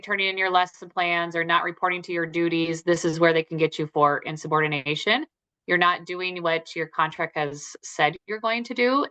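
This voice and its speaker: Woman student, bright sharp voice, reads her part then explains it plainly. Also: lowish voice. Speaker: student presenter. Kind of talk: reading a class presentation.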